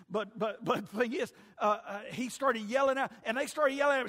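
High-voiced man preaching loudly. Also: brisk, few pauses, in a large hall. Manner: loud, preaching that swings from shouting to hushed. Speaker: pastor. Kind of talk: sermon.

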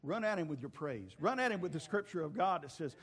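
A male pastor preaching a sermon, telling stories with acted voices and occasional shouts. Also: fairly high pitch, very animated, fast talker, slightly rough, in a large hall. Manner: storytelling preacher acting out voices, shouting at peaks. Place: church sanctuary.

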